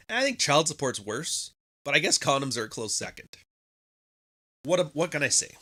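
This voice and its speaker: A man's voice: a little high, sing-song, normal speed, pauses often, sharp tone. A man hosting a podcast, talking casually in a profane, sarcastic monologue, often mimicking people mockingly. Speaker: podcast host.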